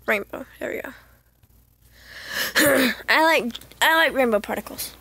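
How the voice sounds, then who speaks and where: A woman streaming a video game, chatting to herself in a giggly way and breaking into excited squeals. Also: sits high, measured pace, no room sound. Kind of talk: casual let's-play commentary.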